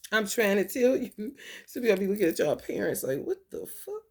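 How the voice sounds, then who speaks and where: A woman talking casually to her viewers, telling animated, profane stories with frequent laughter. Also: medium pitch, gravelly. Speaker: spiritual talk host.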